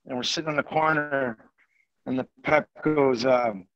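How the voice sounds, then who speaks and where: A man, a former hockey player and guest, telling an animated anecdote in a lively, rambling way. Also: mid-range voice, measured pace, no room sound, dull audio. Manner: lively, rambling, laughs mid-story.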